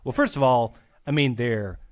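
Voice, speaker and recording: A man's voice: mid-range voice, moderate pace. A man chatting as a podcast guest, rambling and self-deprecating, often restarting his sentences. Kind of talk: casual chat.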